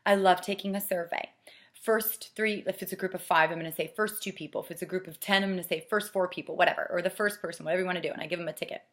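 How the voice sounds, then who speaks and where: A middle-aged woman coaching saleswomen, earnest and persuasive, dropping to a soft hush to stress a point. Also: lowish voice, steady tone, fast. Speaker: sales director training consultants. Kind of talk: coaching talk with acted sales pitch.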